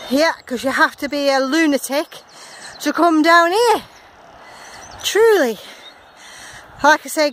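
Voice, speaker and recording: A woman's voice: sits high, fairly bright tone, slight background noise. A woman vlogging outdoors as she climbs a steep path up from a beach, winded and sighing, joking that she isn't out of breath. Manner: jokey, keeps insisting she is not out of breath, sighing. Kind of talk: casual vlog narration while hiking.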